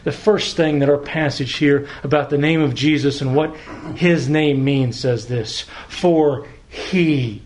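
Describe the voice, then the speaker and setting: Here a man gives a sermon as a pastor, his mid-range voice keeping a fairly even intonation. He is earnest, drawing out words for emphasis and occasionally repeating himself while searching for what to say.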